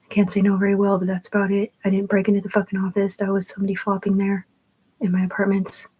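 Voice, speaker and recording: Husky, flat-voiced woman rambling. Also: medium pitch, quick pace, poor audio. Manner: rambling and profane, jumping between topics. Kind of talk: rambling monologue over family photos.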